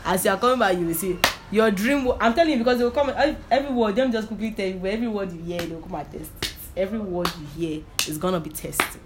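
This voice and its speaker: A woman's voice: medium pitch, fast, background noise. A woman giving an informal sermon with personal testimony. She repeats herself for emphasis and keeps checking that listeners understand. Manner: repetitive, emphatic, often asks if listeners understand. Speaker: preacher.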